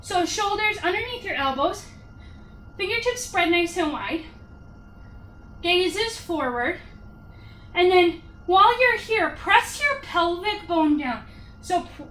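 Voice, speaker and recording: A woman's voice: extremely high pitch, a bit bright, reverberant, distant mic, slight background noise. A woman leading a yoga workout class, counting reps and cheering people on with upbeat cues, getting out of breath. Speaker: yoga instructor.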